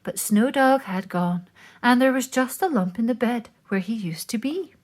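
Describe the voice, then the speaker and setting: A woman reading a children's picture book aloud, with slow, expressive storytelling. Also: a little high.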